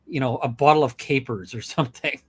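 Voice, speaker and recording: A man's voice: medium pitch, a little fast, husky. A man co-hosting a casual live stream, rambling through stories and mimicking other people's reactions. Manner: rambling, quotes people in mock voices.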